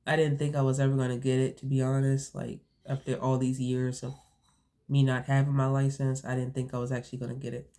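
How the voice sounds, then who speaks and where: A woman's voice: extremely low pitch, flat delivery, brisk, dark tone. A young woman vlogging casually to her viewers, rambling with lots of fillers and restarts, a bit sniffly from allergies. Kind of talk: casual storytelling to camera.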